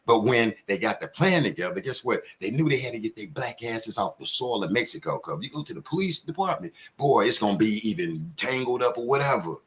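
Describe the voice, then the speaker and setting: A man in rants on a live commentary stream. His voice sits at a middle pitch, and he swings between outrage, mockery and cursing. He mimics the people he attacks with put-on quotes. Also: a little fast, few pauses. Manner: angry, profane, animated, mocking with put-on quotes. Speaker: commentary show host. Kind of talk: heated live commentary rant.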